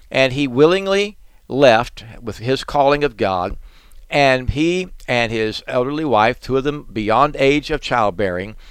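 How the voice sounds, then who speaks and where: A man's voice: mid-range voice, a bit bright, clean tone, dry recording. A man preaching a sermon, explaining scripture earnestly and stressing key points through repetition.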